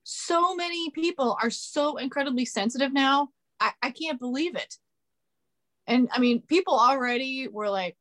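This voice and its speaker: A woman's voice: high-pitched, normal speed, a bit bright. A woman guest on a podcast, talking casually, blunt, sarcastic and opinionated.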